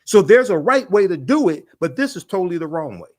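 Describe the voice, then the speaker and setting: A man speaking as a panelist in political commentary, forceful and building his argument with many filler pauses. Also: high-pitched, very animated, a little hiss or hum.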